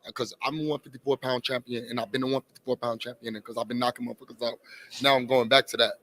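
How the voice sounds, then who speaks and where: A man at a mid pitch talks quickly and loosely as a boxer answering an interviewer. His sentences stall, restart and repeat before he lands them. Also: level tone, fairly bright tone, a little hiss or hum. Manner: loose, halting, repeats himself. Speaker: professional boxer. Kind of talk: post-fight press interview.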